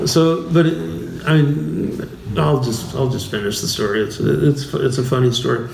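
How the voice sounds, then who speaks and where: Bishop, male, easygoing teaching talk, halting and slow, mic at a distance. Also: medium pitch, steady tone, creaky, darkish tone. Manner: slow, halting, many restarts and fillers, chuckles often. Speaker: bishop teaching a class series. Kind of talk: informal talk with anecdotes. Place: church. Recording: roomy church hall, voice from afar, faint noise.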